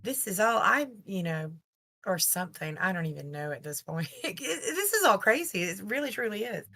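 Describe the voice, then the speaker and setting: A woman's voice: lowish voice, animated, moderate pace, fairly bright tone. A woman co-hosting a livestream, adding wry, agreeing comments. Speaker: livestream co-host. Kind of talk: casual commentary chat.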